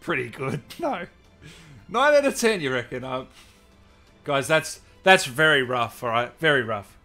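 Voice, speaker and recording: Chatty livestream host. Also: male voice, medium pitch, sing-song, a little slow, sharp tone, faint music behind. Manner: chatty, reads out viewer comments, laughs often. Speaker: gaming livestream host and interviewer. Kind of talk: casual livestream chat.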